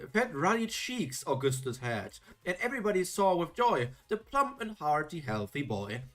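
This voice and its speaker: Brief: woman streamer, lively sing-song reading voice, playful asides, faint music underneath. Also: deep voice. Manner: playful, theatrical, jokey asides. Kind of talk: reading old children's rhymes aloud with comments.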